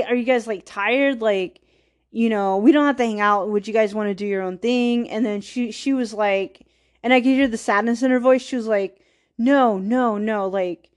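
A woman hosting a podcast, telling a personal story in a rambling, casual way, full of "like," with wistful, self-deprecating laughs. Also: on the high side. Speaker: podcast host.

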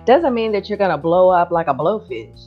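A woman hosting a podcast, chatting casually and encouraging her guest, often pausing to search for words. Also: on the low side, lively intonation, slightly rough. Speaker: podcast host. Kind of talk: casual chat. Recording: dull lo-fi sound with faint music.

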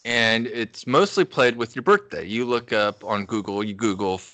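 Bright-voiced young man telling crude stories. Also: on the low side, normal speed, no room sound. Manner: crude, rambling, laughs through his story. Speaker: podcast co-host. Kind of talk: casual storytelling chat.

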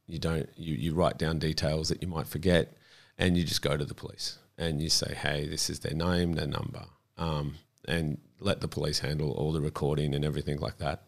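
A man's voice: extremely low pitch, flat delivery, fairly quick. A man, talking earnestly in an interview about a campaign he runs and often repeating words as he thinks. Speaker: child protection campaigner, guest. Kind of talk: conversational interview.

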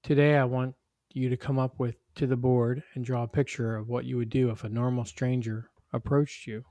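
A man's voice: medium pitch, level tone, moderate pace, warm tone, dry recording, natural voice. A man voicing an earnest neighborhood mother teaching children in a read-aloud story. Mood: teacherly.

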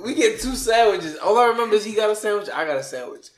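A man's voice: high voice, lively intonation, fast, echoey room. A man co-hosting a podcast, telling a rowdy, profane story and breaking into laughter as he goes. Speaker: podcast co-host. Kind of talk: rowdy casual chat.

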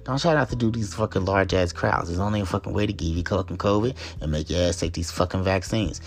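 A man's voice: low voice, fast. A man hosting a solo talk show, ranting in a heated, profane and emphatic way and hammering his points home by repeating them. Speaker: podcast host. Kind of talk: solo commentary rant.

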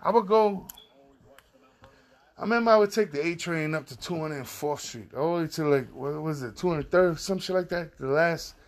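New York man, podcast host, gravelly, profane street-talk monologue. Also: fairly high pitch, normal speed. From Far Rockaway, Queens, New York. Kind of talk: casual opinion monologue.

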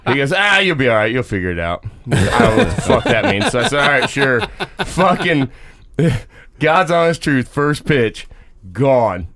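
A man's voice: medium pitch, sing-song, normal speed, a loud crowd. A man co-hosting a casual podcast, telling a laid-back, profane story and laughing along. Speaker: podcast co-host.

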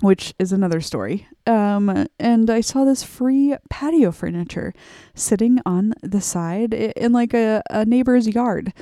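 Mellow-voiced chatty woman podcaster. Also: a little high, unhurried, no echo, clean studio sound. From Arkansas, USA. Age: late 30s. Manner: chatty, upbeat, talks straight to listeners. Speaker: podcast host. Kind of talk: casual solo podcast chat.

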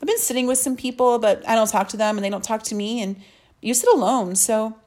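A woman reading aloud, voicing a confident, friendly girl who talks brightly and directly. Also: fairly high pitch, fast talker, natural voice.

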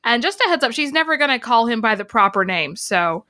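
A woman playing a tabletop game, musing as she describes the scene in unhurried talk. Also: a little high, sing-song, pushed and bright. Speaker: player.

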